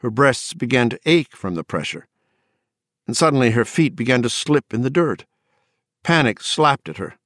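A man narrating an audiobook in a measured, dramatic storytelling manner. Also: medium pitch, lively intonation, fairly bright tone, no room sound, studio quality. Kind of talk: scripted narration.

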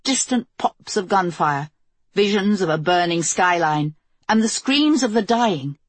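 A woman reading a novel aloud as an audiobook narrator, in measured, even storytelling. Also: medium pitch, no echo. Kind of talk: scripted narration.

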